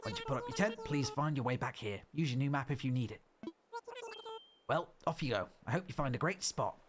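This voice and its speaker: A man voicing a genial older male raccoon businessman in a video game, in a low, hushed, measured voice. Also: lively intonation, background noise, close to an everyday voice. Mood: genial, businesslike.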